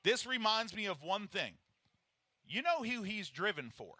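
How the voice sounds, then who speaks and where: A male color commentator with a bright, pushing voice pitched a little high. He speaks dry and close in the booth and rambles conversationally about drivers and old memories. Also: very animated, measured pace, breathy edge, dry recording. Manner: conversational, reminiscing.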